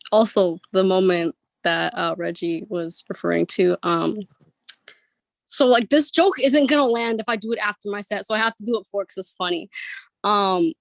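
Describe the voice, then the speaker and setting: A woman speaks at an ordinary middle pitch, close and dry as if on a video call. She laughs nervously and teases herself as the featured poet, then reads spoken word poetry. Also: fairly bright tone, no echo. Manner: giggly, nervous and self-deprecating between poems.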